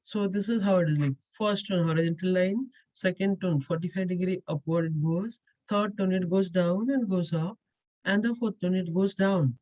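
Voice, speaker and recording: Mellow-voiced woman teaching. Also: lowish voice, normal speed, no echo, lo-fi sound. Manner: patient, repetitive, explaining step by step with frequent "uh". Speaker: Chinese language teacher. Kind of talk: explanatory lesson with Q&A.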